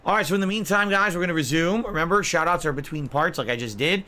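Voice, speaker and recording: A man's voice: a little high, fast, pushed and bright. A man hosting a live stream and reacting to videos with rambling, puzzled commentary. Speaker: streamer host.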